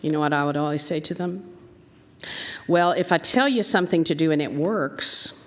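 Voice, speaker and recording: Her voice is deep and her speed normal as this woman minister, Southern American in accent, preaches with animated storytelling and acted-out quoted voices. It was recorded in a church sanctuary with long hall reverb.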